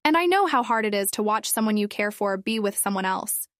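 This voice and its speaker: A patient, gentle mother who coaxes and soothes, as a woman reads her part. Her voice sits at a middling pitch. It sounds close and dry, like a storybook reading. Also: animated, fairly quick, no room sound, close to an everyday voice. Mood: coaxing. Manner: soothing, coaxing.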